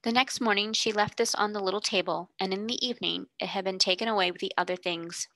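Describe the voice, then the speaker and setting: A woman reading a classic children's story aloud in calm, measured narration. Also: mid-range voice, no echo. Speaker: reader.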